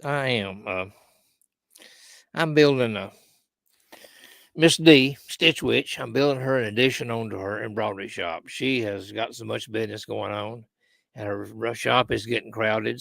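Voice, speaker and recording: Male co-host, Southern accent, mid-pitched with gravel, relaxed yarn-spinning. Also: normal speed, no echo. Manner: easygoing, folksy storyteller. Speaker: returning co-host. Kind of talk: casual storytelling chat.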